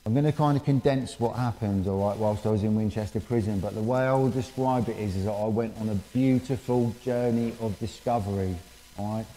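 A man giving a candid personal testimony in church, halting and full of fillers. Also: on the low side, mellow, slight background noise. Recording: reverberant church hall.

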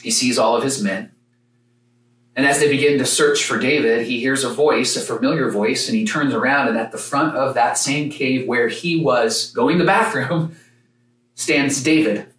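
A man preaching a sermon, telling a story with dramatic pauses and sometimes rising to a shout. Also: medium pitch, roomy sound, far from the mic, poor audio. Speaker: pastor.

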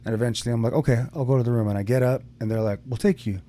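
A man's voice: mid-range voice, fairly even intonation, very fast, warm tone. Laid-back young man telling a story. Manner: rambling, laid-back, frequent swearing and fillers. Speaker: podcast co-host. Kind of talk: casual storytelling chat.

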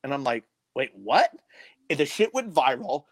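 A man, a former morning radio host, telling a story as a podcast guest in a casual, animated way, swearing freely. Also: quick pace, no echo. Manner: animated, swears freely, big swings in pitch and loudness.

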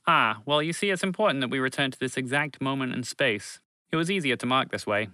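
A man voicing a gentle, earnest magical moose. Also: medium pitch, brisk, clean tone, dry recording. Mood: explaining. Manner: calm and earnest.

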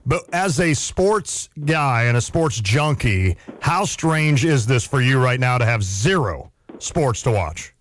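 A man hosting a sports radio show, chatting casually with self-deprecating quick asides into a studio mic. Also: medium pitch, expressive, slight background noise.

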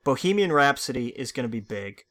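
A man in a relaxed conversation explains things with real enthusiasm. He often stammers and restarts his sentences before getting his point out. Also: medium pitch, brisk. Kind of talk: casual chat.

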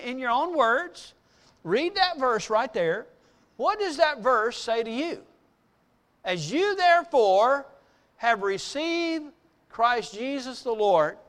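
A preacher with a very high-pitched, fairly bright voice gives devotional Bible teaching. He poses questions to the listeners, answers them himself, and slows down to read verses with emphasis.

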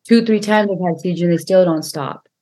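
A woman's voice: fairly low pitch, a little fast, dark tone. A woman talking as a podcast guest and healer, telling her story earnestly, often repeating herself for emphasis. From Punjabi family. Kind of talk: casual conversation.

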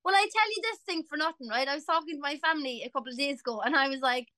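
Bright-voiced chatty Irish woman. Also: sits high, very fast, no echo. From Ireland. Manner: chatty, animated storyteller. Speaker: singer, interview guest. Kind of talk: casual chat.

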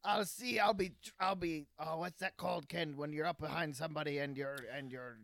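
Dim, eager Canadian racer, a man plays him, high bright rasp, halting delivery. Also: fairly even intonation, dry recording, clean studio sound. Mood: rambling. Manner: halting, stumbling over words. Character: bumbling Canadian male race car driver, eager. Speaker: race car driver. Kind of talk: improvised comedy interview.

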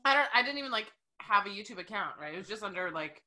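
An American woman hosting a casual chat, giggling and animated. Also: mid-range voice, fast talker. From United States.

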